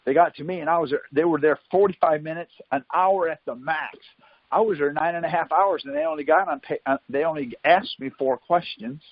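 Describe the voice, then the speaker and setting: Host for a call-in show, husky, dry, dull lo-fi phone-call sound, anecdotal and chatty. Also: male voice, fairly high pitch, fairly quick, no room sound. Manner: keeps asking "See?" while telling anecdotes. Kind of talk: casual storytelling on a call. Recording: dull lo-fi conference call line.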